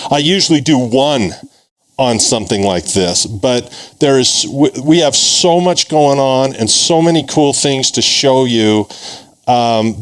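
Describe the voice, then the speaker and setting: Man, investing instructor, live seminar, emphatic, motivational, mid-pitched. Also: poor audio. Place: large venue before a live audience.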